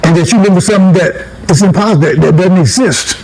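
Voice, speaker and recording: A man's voice: sits high, fast talker, darkish tone, poor audio. A man giving a casual street-style sermon, talking conversationally, repeating himself, chuckling and checking in with listeners with "right?". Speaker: preacher.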